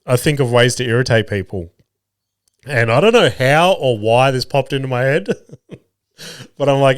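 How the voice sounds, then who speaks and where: A man's voice: medium pitch, animated, normal speed, long pauses, clear, resonant tone, dry recording, clean studio sound. A man in his thirties hosting a solo podcast, telling rambling, crude stories and laughing at his own jokes. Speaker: podcast host. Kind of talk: casual solo podcast storytelling.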